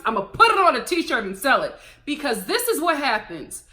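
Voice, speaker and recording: A woman's voice: high-pitched, normal speed. A woman giving a casual reality-TV review as a vlogger, talking in a sassy, opinionated way. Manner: sassy, animated, opinionated ranting with laughs. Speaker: TV recap vlogger.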